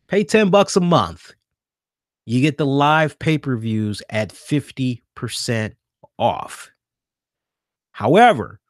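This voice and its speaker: A man hosting a casual wrestling news podcast, chatty, stammering and getting animated as he rants. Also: medium pitch, dry recording, clean studio sound. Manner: chatty, repeats and stammers, grows animated listing options. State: hiccuping after beer. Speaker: podcast host.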